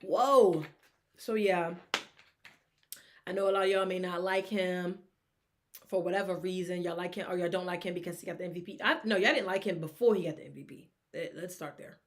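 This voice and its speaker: A woman hosting a casual solo sports talk show, speaking in an animated, rambling way and acting out the fans' reactions. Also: on the low side, fairly quick. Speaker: sports podcast host.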